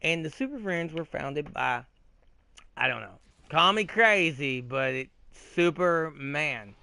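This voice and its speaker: A man hosting a gaming video, ranting in a rambling, profane, excitable way with frequent restarts while he plays. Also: fairly high pitch, unhurried, creaky. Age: adult, old enough to remember 80s cartoons. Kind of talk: casual rant while playing a game.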